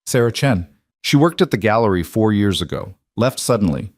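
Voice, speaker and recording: A man's voice: on the low side, lively intonation, moderate pace, dry recording, studio quality. A man voicing a frightened woman who talks in an anxious, hesitant way. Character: frightened woman seeking justice.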